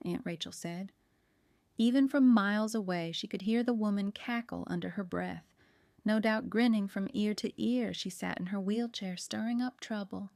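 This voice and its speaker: A woman's voice: medium pitch, normal speed, a little mellow, dry recording, clean studio sound. Woman narrating a cozy story. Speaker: audiobook narrator. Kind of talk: scripted narration.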